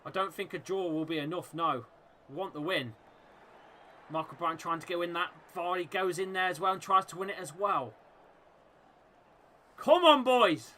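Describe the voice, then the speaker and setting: High, sharp-voiced excitable football fan. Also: male voice, brisk, slight background noise. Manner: excitable, shouting encouragement at the team; chatty, reacting and laughing at misses. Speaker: football fan watchalong host. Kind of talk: live fan match commentary.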